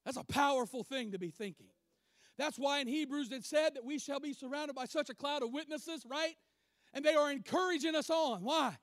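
A male preacher with a strikingly high voice delivers a sermon. He is emphatic, rising to loud declarations and falling to quiet asides. The sound is dry and close, with no room echo. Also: a little fast.

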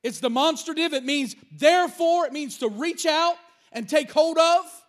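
Pastor, male, very high voice, emphatic sermon delivery with repeated words for stress. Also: moderate pace.

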